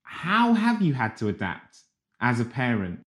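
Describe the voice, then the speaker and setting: A podcast host who interviews a guest warmly and encouragingly and also reads a sponsor message. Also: medium pitch, wildly swooping pitch, unhurried, over music. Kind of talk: interview and ad read.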